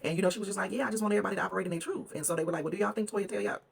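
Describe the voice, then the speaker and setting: Fast-talking gossipy recap host. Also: mid-range voice, vocal fry, crowd noise. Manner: gossipy, fast-talking, quotes cast members in quick asides. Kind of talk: casual chatty recap.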